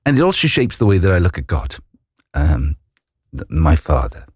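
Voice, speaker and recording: A man hosting a faith interview, asking gentle questions with hesitant restarts. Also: a bass voice, very animated, moderate pace, slightly rough, dry recording, studio quality. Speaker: host.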